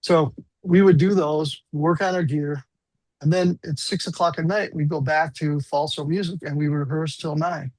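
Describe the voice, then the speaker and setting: A man's voice: fairly high pitch, fairly even intonation, normal speed, darkish tone, no room sound, rough recording. A man in his sixties, a guest musician, telling rambling, self-deprecating stories in a casual interview.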